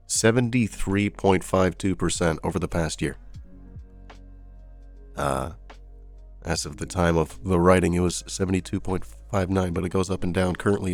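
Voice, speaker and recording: A man with a deep voice runs a casual news commentary show, breaking off from the headlines into sarcastic, disbelieving remarks. Faint music sits under his talk. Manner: sarcastic, incredulous asides.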